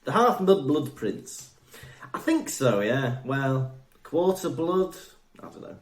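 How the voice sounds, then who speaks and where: A man's voice: medium pitch, takes it slowly, echoey room. A man co-hosting a podcast, chatting casually and laughing a lot. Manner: giggly, jokey, animated. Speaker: podcast co-host. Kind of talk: casual chat.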